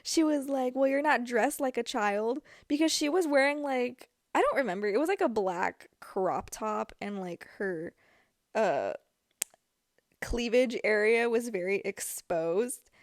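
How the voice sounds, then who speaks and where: A woman's voice: a little high, unhurried, no room sound, studio quality. A young woman hosting a podcast, telling a personal story in a chatty way with many fillers. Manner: chatty, filler-heavy, animated retelling. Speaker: podcast host. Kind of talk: casual storytelling.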